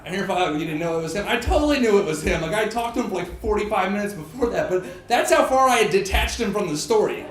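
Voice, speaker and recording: A man's voice: sits high, fast talker, few pauses. Man telling a story, laughing, echoey room. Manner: animated, self-mocking, laughs through his lines. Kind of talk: live personal storytelling on stage. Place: stage in a pub. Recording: echoey live room, faint crowd noise.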